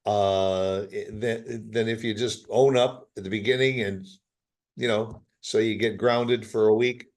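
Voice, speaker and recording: A man's voice: lowish voice, fairly even intonation, measured pace. A man co-hosting a podcast in casual chat, easygoing, repeating words and chipping in with short replies. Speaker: podcast co-host.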